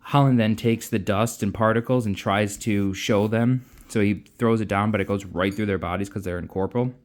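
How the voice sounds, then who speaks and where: A man's voice: on the low side, fairly even intonation, moderate pace. Chatty man recapping a book plot. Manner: chatty, offhand storytelling. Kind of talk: casual plot recap with voiced quotes.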